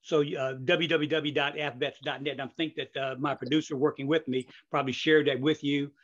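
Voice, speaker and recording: Older male podcast host, slightly high voice, rambling chatty delivery full of fillers, muffled lo-fi recording. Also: steady tone, fairly quick, a bit bright. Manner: rambling, with many fillers and restarts. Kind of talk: casual interview chat. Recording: dull lo-fi audio.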